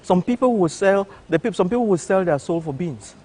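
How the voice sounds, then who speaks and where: Older male doctor guest, lively and repetitive storyteller, slightly high pitch. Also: fairly quick, slightly rough. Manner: animated storyteller with frequent restarts. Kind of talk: recounting a personal story. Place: television studio.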